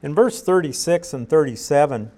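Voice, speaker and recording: A man's voice: a little high, lively intonation, mellow. Man teaching scripture verse by verse. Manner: measured, explanatory, with frequent uhs and restarts. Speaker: Bible teacher.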